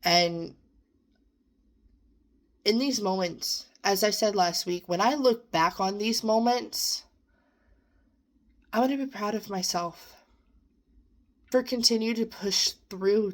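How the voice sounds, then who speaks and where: A young woman shares a heartfelt personal monologue, her voice at an ordinary middle pitch. She is earnest and emotional, sometimes close to tears, but keeps pressing on with encouragement for herself and her listeners. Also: a bit bright. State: near tears at times. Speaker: vlogger.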